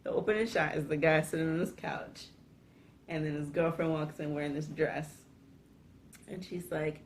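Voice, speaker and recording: Female podcast regular, slightly low register, expressive and profane storyteller. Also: moderate pace, a little hiss or hum. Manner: animated storytelling, swears a lot, laughs mid-sentence. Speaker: podcast co-host. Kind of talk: casual chat.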